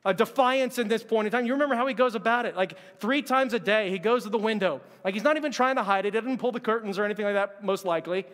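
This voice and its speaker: High-voiced preacher in a reverberant hall. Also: male voice, fast, few pauses. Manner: conversational, animated, acts out quotes. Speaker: pastor. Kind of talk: sermon.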